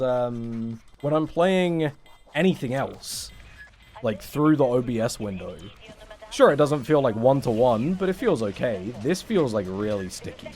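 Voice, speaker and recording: A man's voice: medium pitch, a little mellow. Sarcastic young English man streaming. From England. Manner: rambling, sarcastic, swears often. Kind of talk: casual livestream chat.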